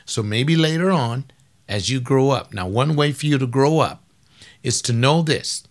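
A man's voice: lively intonation, normal speed. Emphatic folksy man preaching. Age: older. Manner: folksy, emphatic, repeats lines for stress, rises in pitch when fired up. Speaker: preacher hosting a webcast. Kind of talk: informal preaching.

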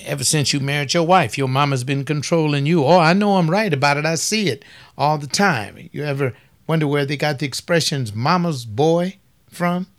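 A man's voice: fairly high pitch, moderate pace. A man giving a folksy, preaching-style talk on family life. He teases his listeners and fires off rhetorical questions.

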